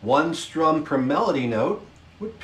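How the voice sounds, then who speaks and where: In a roomy-sounding recording with his instrument playing, a man gives a beginner music lesson with demonstrations. Strumming along, he counts beats slowly and patiently and explains time signatures in a fairly high, animated voice with a fairly bright tone.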